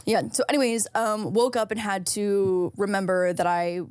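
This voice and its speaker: A young woman co-hosting a podcast, telling a story in casual chat, full of "like" and quoting people in a high, put-on voice. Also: normal speed, smooth, dry recording, studio quality. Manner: animated, lots of "like", quotes people in a high put-on voice. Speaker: podcast co-host.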